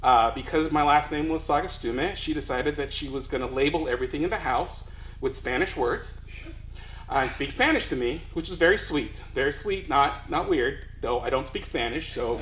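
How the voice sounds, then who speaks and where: Bright, chatty man telling a story. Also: medium pitch, moderate pace, reverberant, slight background noise, poor audio. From Los Angeles, USA. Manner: chatty, self-deprecating, rambling. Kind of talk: live comedic storytelling.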